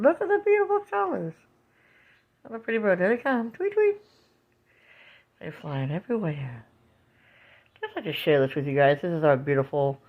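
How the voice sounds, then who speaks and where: A woman records a casual home video on her phone camera, narrating the scene outside a window for her viewers. She calls them "guys," coos, and exclaims with animation. Her voice is low-pitched, and the audio sounds dull.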